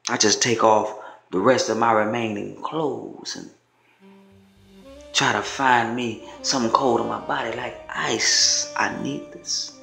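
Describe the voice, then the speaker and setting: A man performing his own spoken word poetry in a measured, dramatic first-person delivery. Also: mid-range voice, steady tone, creaky, bright, forceful tone. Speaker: poet. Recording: roomy echo. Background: faint music.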